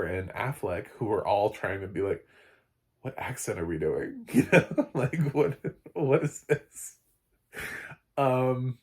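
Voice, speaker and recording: Guy rambling thru a movie review, kinda husky and low, lots of uhs and chuckles. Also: a little mellow. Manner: rambling, many fillers and restarts, frequent laughs. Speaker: film reviewer. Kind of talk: casual spoken review.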